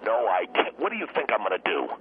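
A man's voice: lowish voice, wildly swooping pitch, fast, narrow, tinny audio, a little hiss or hum. A man doing a ranting hot-headed teacher. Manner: ranting, stammering, shouting bursts. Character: blustering middle-aged male teacher, hot-tempered. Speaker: teacher guest on a talk show. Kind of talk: comedic radio talk show sketch.

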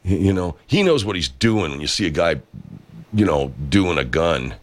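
Low-voiced rambling man with a crude streak. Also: sing-song, moderate pace. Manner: rambling, crude, jokey asides. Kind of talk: loose comic radio talk.

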